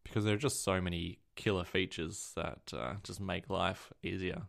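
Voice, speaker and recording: A low, gravelly man's voice co-hosting a casual tech chat. He wanders through his stories, stopping to correct himself mid-sentence. The fry in his voice stays steady throughout. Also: moderate pace. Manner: rambling, self-correcting storyteller. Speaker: podcast co-host.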